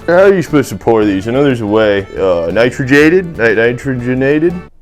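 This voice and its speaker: A young man talks in a loose, rambling comic monologue from his home kitchen. He swears freely and keeps chopping words off halfway. Faint music sits low under his voice. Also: animated, normal speed. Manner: irreverent, swears often, cuts himself off mid-word. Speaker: comedy cooking host.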